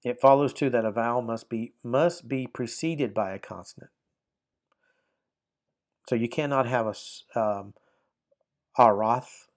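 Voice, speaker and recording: A man teaching a recorded grammar lesson, sounding out syllables slowly and often checking "right? okay?". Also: mid-range voice. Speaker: Bible Hebrew teacher.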